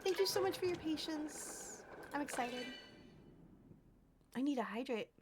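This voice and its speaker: Gushing high-voiced woman streamer. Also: expressive, measured pace. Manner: gushing, sweet, frequent soft laughs and throat clearing. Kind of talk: casual gameplay livestream chat. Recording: faint background noise.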